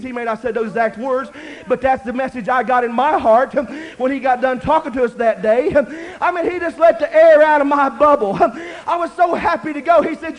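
An older man preaching a sermon, swinging between loud shouting and quiet talk. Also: very high voice, fairly even intonation, brisk, dull audio. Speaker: pastor.

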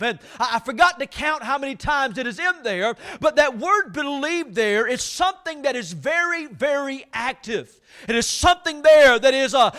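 A man preaching a sermon as pastor at a church service, fervent and emphatic, slowing down to read scripture with deliberate weight and asking the congregation for amens. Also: very high-pitched, a bit bright. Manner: reads scripture slowly and deliberately.

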